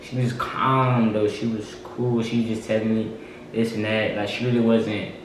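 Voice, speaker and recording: Relaxed young man telling a story, echoey room. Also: lowish voice, moderate pace. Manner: relaxed, repeats himself, lots of fillers. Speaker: vlogger. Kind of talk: casual storytelling to camera. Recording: echoey room, mic at a distance, faint noise.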